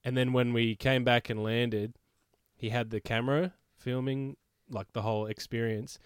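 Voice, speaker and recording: A man co-hosting a casual chat, telling stories in a deadpan way and running a quiz. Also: medium pitch, normal speed, clean tone, dry recording. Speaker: podcast co-host and quiz master.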